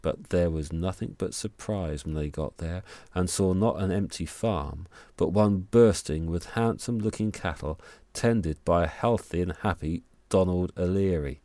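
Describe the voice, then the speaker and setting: Man telling a folk tale, dark voice. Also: sits low, measured pace, no room sound. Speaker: storyteller. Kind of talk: storytelling narration.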